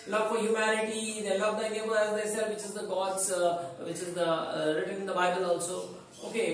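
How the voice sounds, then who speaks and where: A man's voice: extremely high pitch, recorded from a distance. A man, teaching a poem line by line in an explanatory, repetitive way. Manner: explanatory, repetitive, stressing key words. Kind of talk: line-by-line poetry lecture. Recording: echoey room, voice from the mic.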